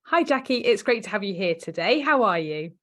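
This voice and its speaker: Fast-talking woman podcast host. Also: medium pitch, big pitch swings, a bit bright. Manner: friendly and upbeat, jokes at her own stumbles. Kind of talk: casual podcast interview.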